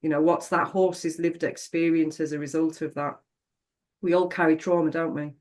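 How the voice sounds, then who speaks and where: A woman's voice: sits low, level tone, normal speed, a little mellow. Woman, middle-aged, podcast guest, frank, reflective storytelling. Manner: reflective, frank, swears casually. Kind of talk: candid personal storytelling.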